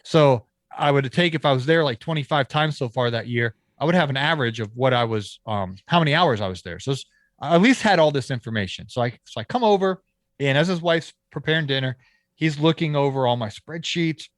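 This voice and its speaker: A man, a landscaping business owner, telling a story as a podcast guest, lively and acting out the people he quotes, with frequent restarts. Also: medium pitch, fairly quick, dry recording, studio quality. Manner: animated storyteller who acts out quoted dialogue. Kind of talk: casual storytelling interview.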